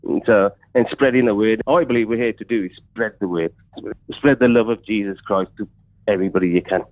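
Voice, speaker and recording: A man's voice: fairly low pitch, fairly quick, no room sound. A man from England with a West Midlands accent, calling in to a radio show to share an earnest faith testimony, often repeating his words. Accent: West Midlands English. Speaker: caller. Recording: tinny phone line.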